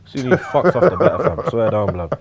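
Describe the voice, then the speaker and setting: A young man trading casual football banter, slangy and animated, swearing often. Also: mid-range voice, a little fast, muffled recording, crowd noise. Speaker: football pundit.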